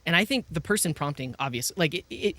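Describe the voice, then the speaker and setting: A man's voice: a little high, animated, quick pace, pushed and bright, no echo. A man co-hosting a tech podcast, explaining his views in an earnest, opinionated way. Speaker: podcast co-host. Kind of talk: casual tech podcast chat.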